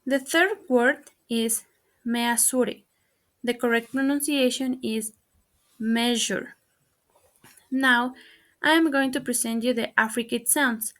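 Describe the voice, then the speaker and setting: A woman with a high voice works through a class pronunciation exercise. She reads each word with slow, deliberate care, sticking to a set pattern. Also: fairly bright tone. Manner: slow, careful, formulaic recitation. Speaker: student presenter. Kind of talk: pronunciation practice recitation.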